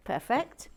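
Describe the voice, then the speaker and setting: A woman hosting a vlog, chatting casually while building with bricks and often dropping into whispered asides. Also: a little hiss or hum. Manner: muttering with frequent whispered asides. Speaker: vlog host.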